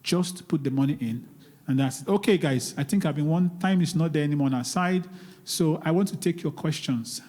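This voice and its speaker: In a church hall with a live audience, a guest speaker on investing pleads emphatically, repeating key words. His warm voice is on the high side and fairly quick, and the recording has the long reverb of a large hall.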